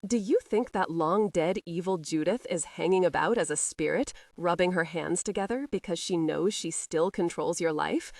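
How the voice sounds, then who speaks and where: A woman's voice: on the low side, moderate pace, hardly any pauses, a little mellow, no room sound, studio quality. A woman voicing a spirited young wife who teases and mocks her husband in a playful, lilting way. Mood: teasing. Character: spirited teasing young wife, sharp-tongued heiress.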